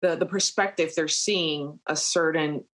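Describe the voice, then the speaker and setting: A woman airline captain, a podcast guest, telling a personal story in a relaxed conversational way with many fillers. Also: low-pitched, unhurried. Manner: animated retelling with frequent fillers and laughs.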